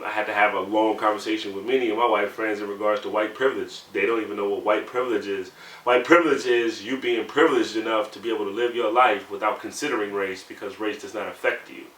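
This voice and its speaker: A man's voice: lowish voice, bright, forceful tone. A man in his thirties telling candid personal stories in a conversational way, often saying "you know". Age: 30s. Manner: conversational, heated when recounting, many "you know" fillers. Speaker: navy sailor interviewee. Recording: roomy sound, mic at a distance, faint background hum.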